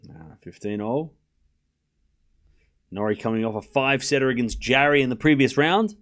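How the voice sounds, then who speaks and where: A man's voice: medium pitch, animated, normal speed, fairly bright tone. A young Australian man giving casual, self-deprecating live tennis commentary to his stream chat.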